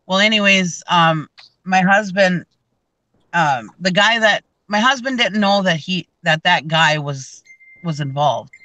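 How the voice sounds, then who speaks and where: A woman's voice: fairly low pitch, animated, a little slow, pushed and bright, no echo, poor audio. A woman hosting a casual chat, telling a long story with lots of fillers and restarts. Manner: rambling, many fillers and restarts. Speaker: reseller channel host.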